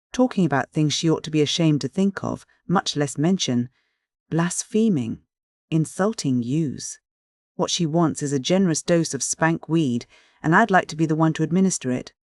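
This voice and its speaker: A reader voicing a blustering, angry old uncle in an audiobook, gruff and snorting. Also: mid-range voice, normal speed, a little mellow, no room sound, studio quality, lightly acted.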